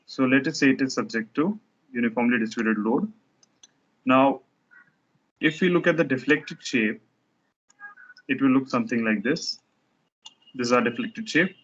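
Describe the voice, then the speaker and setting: A man's voice: medium pitch, moderate pace, pauses often, a bit bright, highs cut off. A man teaching a structures lecture, explaining step by step while he sketches diagrams, often restarting his sentences.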